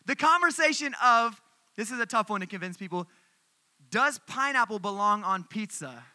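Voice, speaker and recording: Bright, high-voiced young man preaching. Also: normal speed, no room sound. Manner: animated storytelling to a crowd. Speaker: youth speaker. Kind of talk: sermon.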